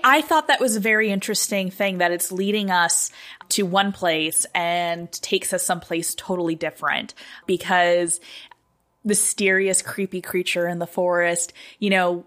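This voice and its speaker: A woman co-hosting a podcast in casual chat, thinking aloud with lots of fillers and growing animated as she talks. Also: fairly low pitch. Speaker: podcast co-host.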